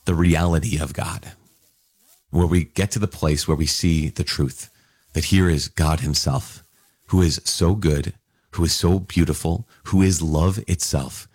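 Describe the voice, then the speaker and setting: A man teaching about scripture to a Catholic audience in an excited, marveling way, with casual asides to his listeners. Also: deep voice, husky, no room sound, clean studio sound. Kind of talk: enthusiastic scripture reflection.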